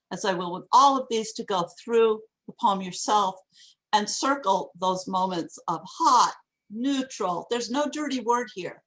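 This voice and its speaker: A woman giving a craft talk on poetry over a video call, reading lines aloud slowly and deliberately. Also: mid-range voice, fairly bright tone. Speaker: poetry workshop teacher. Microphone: video call microphone.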